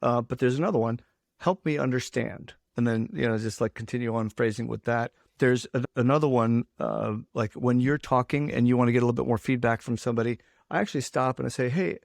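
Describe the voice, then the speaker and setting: A man hosting a podcast chat, talking energetically and often restarting his sentences. His voice has a gravelly fry to it. The sound is dry and close, with no room echo. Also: medium pitch. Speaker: podcast host. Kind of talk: casual podcast conversation.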